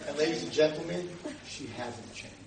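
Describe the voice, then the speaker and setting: A man teaching an audience as a rabbi, telling stories and acting out the voices of the people in them with sudden loud shouts. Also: fairly high pitch, animated, a little slow, gravelly, a faint crowd. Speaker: rabbi lecturer. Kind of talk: animated storytelling lecture to a live audience. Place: community hall with audience. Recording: roomy distant room mic with noise.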